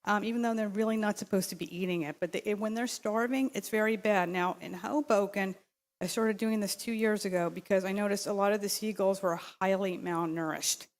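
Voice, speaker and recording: A woman's voice: medium pitch, fairly even intonation, brisk. Woman, public comment, council chamber, podium mic, insistent, rambling, fillers and restarts. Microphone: podium microphone.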